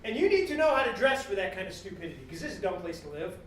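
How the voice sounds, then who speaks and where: A man giving a joking, animated business keynote to a live audience, acting out customer exchanges as he goes. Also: high voice, rapid-fire, a little hiss or hum. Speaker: guest speaker at a business talk series. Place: event room with a live audience. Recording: echoey room, mic at a distance.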